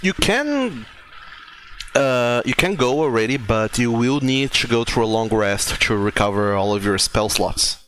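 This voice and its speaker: A man narrating scenes as game master, relaxed and laughing easily. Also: medium pitch, a little slow, slight background noise.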